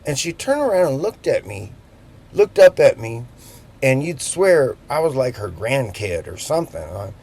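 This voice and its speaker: Husky fiftysomething guy rambling thru a story, lots of jokey side-tracks, bouncy pitch. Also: big pitch swings, moderate pace, a little mellow. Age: 50s. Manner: chatty, digressive, jokey asides. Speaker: vlogger. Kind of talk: rambling anecdote, casual storytelling. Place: on a boat.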